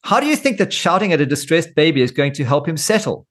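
A man voicing his exasperated wife as she scolds her husband, in a sharp, reprimanding manner and a raised voice. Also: a little high, very animated, fast talker.

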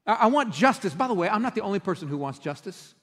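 A middle-aged pastor giving a conversational sermon, telling stories and acting out quoted outbursts. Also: male voice, high voice, very animated, fast talker, fairly bright tone. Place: church sanctuary. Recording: long hall reverb.

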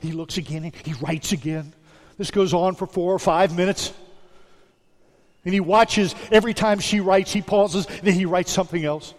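A man's voice: sits high, steady tone. Man preaching in a reverberant hall. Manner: dropping to a soft hush on repeated phrases; measured, emphatic preaching with deliberate repetition. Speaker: pastor. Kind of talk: sermon. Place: church sanctuary. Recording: sermon with long hall reverb.

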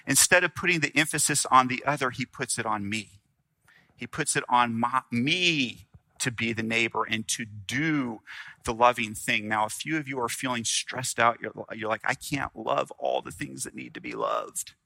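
A male pastor preaching a sermon, earnest, with dramatic pauses, swinging from loud to hushed. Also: mid-range voice, expressive, gravelly, dry recording.

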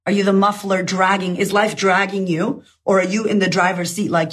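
A woman in her thirties gives a fiery, foul-mouthed motivational pep talk as a coach. Her voice is husky and a little rough, sitting at a middle pitch. She talks straight into her phone. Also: fairly even intonation, fast talker, few pauses. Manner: blunt, fiery, swears freely. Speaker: life coach.

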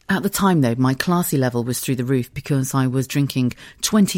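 A woman's voice: a bass voice, quick pace, hardly any pauses, a little mellow, dry recording, clean studio sound. A woman in her thirties from southern England, hosting her podcast in a chatty, giggly, storytelling way. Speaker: podcast host. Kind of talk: casual chat.

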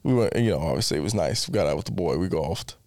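Blunt, teasing man with a lively voice. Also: low voice, fast talker, gravelly, no room sound, studio quality. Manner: blunt, swears a lot, teasing. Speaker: podcast co-host. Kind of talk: casual podcast chat.

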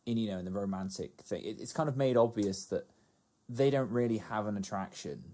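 A man chatting casually about a TV series, agreeable and quick to laugh. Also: on the low side, warm tone. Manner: agreeable, laughs often, trails into asides. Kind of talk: casual chat about a TV show.

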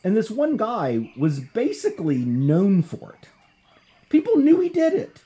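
Chatty guy host, animated, warm dark tone, slightly high voice. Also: unhurried. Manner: animated, conversational, jumps in pitch for emphasis. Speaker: podcast host. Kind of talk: casual discussion of comics and history.

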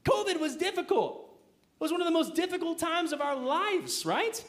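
A man's voice: very high voice, lively intonation, moderate pace, a bit bright. A young man preaching a casual, conversational sermon, full of fillers and rhetorical questions to his listeners. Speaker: pastor.

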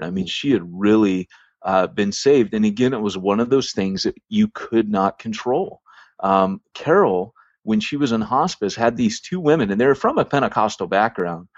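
A podcast host with a medium-pitched voice rambles through a long church story, casual and full of ums and false starts. The recording is dry and dull, with a lo-fi quality and no room sound.

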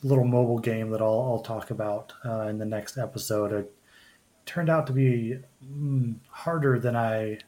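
A man hosts a relaxed podcast conversation at an ordinary pitch. He speaks haltingly, restarting phrases and pausing on fillers as he gathers his thoughts. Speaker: podcast host. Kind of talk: casual chat.

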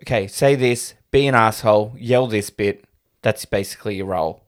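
A man's voice: on the low side, moderate pace. A man co-hosting a film review podcast, making wry, sarcastic asides. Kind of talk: casual chat.

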